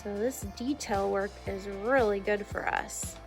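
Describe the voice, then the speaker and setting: A woman teaching an art lesson to children, gentle and encouraging, asking the class questions and dropping to a whisper while she paints. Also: mid-range voice, steady tone, a little slow, gravelly, music in the background.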